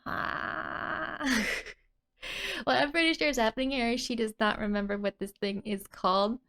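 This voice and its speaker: A woman teaching a casual language lesson, laughing often between her explanations. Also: on the high side.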